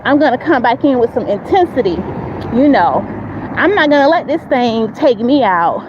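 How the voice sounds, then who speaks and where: A woman's voice: a little high, expressive, normal speed, muffled recording, noisy background. A woman giving a motivational faith talk on a walk, emphatic and repetitive like a preacher, recorded on a phone.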